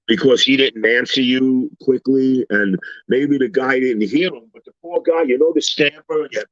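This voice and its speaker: Animated man telling stories, dull lo-fi sound. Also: medium pitch, moderate pace, no room sound. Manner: animated storyteller, acts out quoted voices. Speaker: panel guest. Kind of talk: casual storytelling chat.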